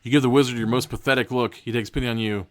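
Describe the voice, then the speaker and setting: A man's voice: medium pitch, steady tone, very fast. A man hosting a podcast, casually reading a horror gamebook aloud and breaking off for joking asides. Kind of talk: casual read-aloud with commentary.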